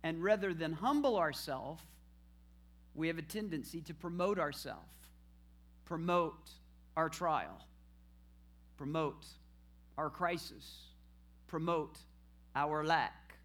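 A man's voice: a little high, slow pace, pauses often. A man preaching a sermon, asking the congregation questions and answering them himself. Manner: call-and-response preaching, rising to shouted praise at the end.

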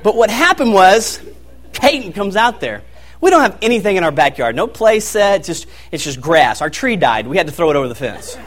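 High-voiced animated preaching man. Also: brisk, some chatter behind. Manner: animated, laughs through his story. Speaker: pastor. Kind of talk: storytelling sermon.

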